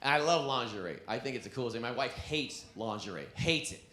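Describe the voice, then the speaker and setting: A man performing a stand-up comedy set on a club stage, telling stories with an animated delivery. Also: medium pitch, fairly quick. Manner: animated storytelling, breaks into laughs. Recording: echoey club with background noise.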